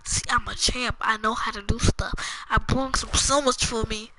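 A woman's voice: fairly high pitch, fairly even intonation, normal speed, pushed and bright, slight background noise, low-quality recording. A woman chatting through her own gameplay for her channel, talking to viewers, headphones on. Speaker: gaming channel host. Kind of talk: casual gameplay commentary. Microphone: headphones with a mic. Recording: game music playing behind.

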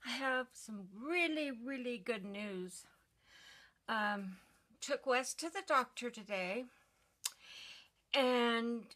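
A woman talking straight to her camera at home in a casual vlog. She speaks slowly, with plenty of ums and pauses. Her voice has a bright, clear edge. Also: on the high side. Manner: slow, chatty, with many ums and pauses. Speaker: vlogger. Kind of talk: casual personal vlog update.

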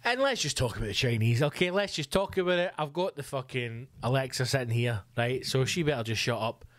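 A man's voice: medium pitch, expressive, fairly quick, a bit bright, no echo. Sweary sarcastic man. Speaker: podcast host. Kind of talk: comic rant. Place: home room.

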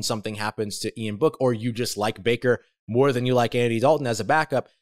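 Male sports podcast host, emphatic and animated, casual off-the-cuff delivery, average pitch. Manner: energetic and emphatic, with big swings in pitch and loudness; conversational, with fillers and self-corrections. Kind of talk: solo sports talk podcast.

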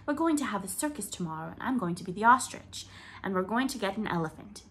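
An eager, excited little boy from a storybook, full of plans and explaining them earnestly, voiced by a woman. The voice is lifted above the reader's own, with a faint hiss behind. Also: medium pitch, fast talker, natural voice.

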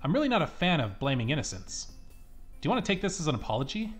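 A man's voice: on the high side, very animated, fast, soft background music. A man voicing a weary male police officer in a video game, patient and firm.

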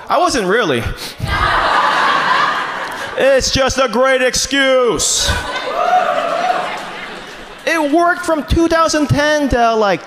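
A man doing a stand-up comedy set on a club stage into a handheld mic. He talks in a loose, chatty way and keeps saying "man" and "you know". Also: high voice. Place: comedy club stage before a live audience. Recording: live club recording with audience laughter and noise.

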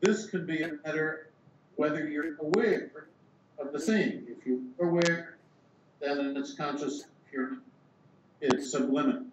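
An older man, a philosopher being interviewed, explaining ideas in a measured way and thinking aloud with small restarts. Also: fairly high pitch, distant mic. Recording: echoey room, dull sound, background hiss.

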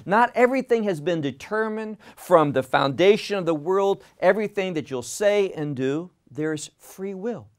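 A man teaching through a Bible passage verse by verse, deliberate and asking rhetorical questions. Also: high-pitched, lively intonation.

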